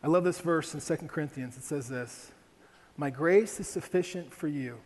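A male pastor preaching a sermon in an animated way, asking rhetorical questions and slowing down to read scripture. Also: on the high side. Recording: hall reverb with faint ambient noise.

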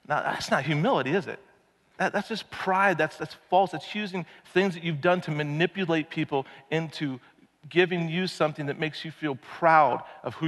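Casual preacher man in a reverberant hall. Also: on the high side. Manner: casual, animated, keeps asking the audience rhetorical questions. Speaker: pastor. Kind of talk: conversational sermon. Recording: long reverb of a large hall.

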